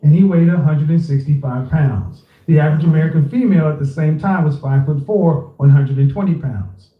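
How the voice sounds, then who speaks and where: A man's voice: on the high side, a little fast. A man on a podcast clip, pushy and argumentative, rattling off statistics. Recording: tinny, echoey played-back clip.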